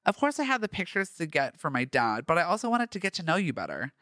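A man's voice: a little high, huge pitch swings, quick pace, bright, forceful tone, no echo, clean studio sound, exaggerated voice. A man reading as a mildly exasperated young actor.

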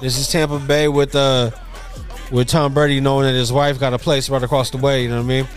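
A man's voice: mid-range voice, little pitch movement, a little fast. Profane, laid-back male podcast co-host. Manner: loose and profane, trails off into mumbles. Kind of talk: casual chat. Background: faint music.

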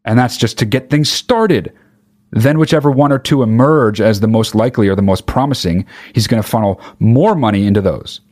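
A man ranting with sarcasm and heavy swearing, mocking others in high put-on voices. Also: a little fast, darkish tone. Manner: angry, sarcastic, swears a lot. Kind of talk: profane ranting monologue.

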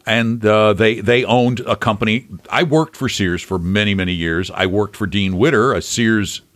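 A man's voice: lowish voice, moderate pace, a bit bright, no room sound. A man co-hosting a talk radio finance show, chatting casually and jokingly, often repeating words. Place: Florida.

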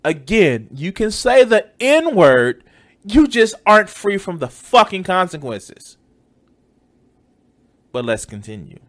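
A man's voice: sits high, sing-song, slow, pauses often, a bit bright. A man giving heated, profane reaction commentary, mocking and swearing often.

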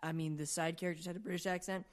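A woman's voice: lowish voice, little pitch movement, rapid-fire. A woman co-hosting a podcast in casual chat, rambling and profane with lots of fillers and restarts. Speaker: podcast co-host.

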